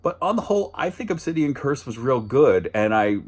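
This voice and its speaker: A man's voice: sing-song, fairly quick, husky. A man hosting a casual movie review, rambling and chatty, with restarts and dry asides. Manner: jumps higher and louder when mimicking lines.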